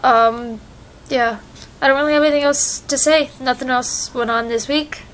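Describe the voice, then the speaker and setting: A woman's voice: high-pitched, fairly even intonation, moderate pace, fairly bright tone, rough recording. A young woman chatting casually in a home vlog, rambling easily while her allergies act up. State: allergies, itchy eyes. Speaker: vlogger. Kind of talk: casual chat. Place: home with a cat. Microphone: phone camera.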